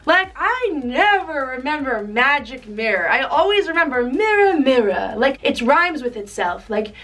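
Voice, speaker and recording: A woman's voice: high-pitched, sing-song, normal speed, a bit bright, far from the mic. A young woman vlogging in a chatty, casual way, full of "like" and laughs. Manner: chatty, uses "like" a lot, laughs. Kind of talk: casual chat.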